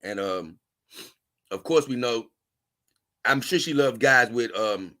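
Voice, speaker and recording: A man's voice: medium pitch, expressive, slow pace, pushed and bright. A man hosting a casual livestream, reading viewer comments and rambling on in loose, with chuckling asides. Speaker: livestream host.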